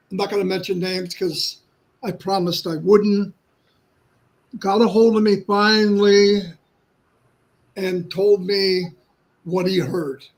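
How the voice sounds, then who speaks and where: A man in his sixties talking candidly to his livestream viewers, halting and restarting often. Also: high-pitched, vocal fry, poor audio. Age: 60s. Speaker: livestream host. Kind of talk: personal talk to viewers.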